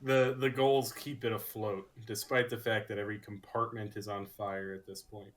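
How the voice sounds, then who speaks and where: A man co-hosting a podcast, chatting casually with a measured, wry manner. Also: lowish voice, level tone. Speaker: podcast co-host. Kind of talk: casual chat.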